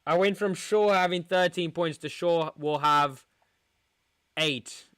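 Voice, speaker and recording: A young man from England talks through a football match for his live stream, sounding crushed and letting out sighs. His voice sits a touch high and comes out smooth and clear. He talks slowly and drags his words. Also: a bit bright. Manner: dejected, sighing, talking to chat. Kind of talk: live football watchalong reaction.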